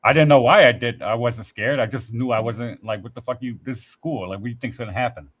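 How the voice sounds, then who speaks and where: A man's voice: medium pitch, quick pace, a bit bright. Profane, rambling man telling stories. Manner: rambling, profane storytelling with acted-out quotes. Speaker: podcast host. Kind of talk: casual podcast chat.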